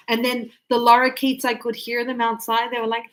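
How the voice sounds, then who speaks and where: Aussie woman teaching to a class, chatty, kinda high voice, does bird noises to explain stuff. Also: a little fast, hardly any pauses, low-quality recording. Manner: chatty, animated, imitates birds and students. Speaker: English teacher.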